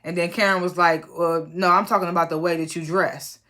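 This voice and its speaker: A woman casually recapping a reality TV episode, chatty and animated, acting out her own reactions with laughs. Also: lowish voice, brisk.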